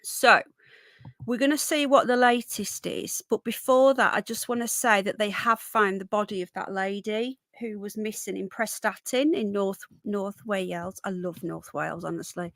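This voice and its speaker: A woman's voice: mid-range voice, steady tone, moderate pace, fairly bright tone, no room sound. A woman hosting a casual livestream, chatting and greeting viewers by name with a runny nose, a bit unwell. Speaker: livestream host. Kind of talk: casual live chat.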